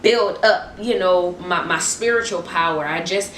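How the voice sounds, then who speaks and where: A woman giving an excited, restless motivational faith talk to her viewers, repeating her refrains. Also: fairly low pitch, a little slow, a little hiss or hum. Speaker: Christian vlogger. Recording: roomy echo, distant mic.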